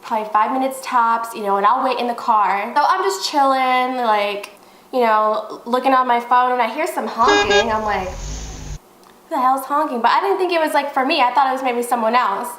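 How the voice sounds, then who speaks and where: A young woman vlogger telling a story in a casual, animated way, swearing freely. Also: a little high, a little fast, echoey room, a little hiss or hum, poor audio. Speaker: beauty vlogger.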